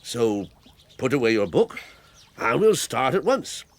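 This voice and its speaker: A man's voice: mid-range voice, big pitch swings, a little slow. An actor playing a hearty, talkative old country squire in a radio drama, rambling and fatherly. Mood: genial. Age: older. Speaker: Squire Hamley. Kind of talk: 1980s radio drama acting.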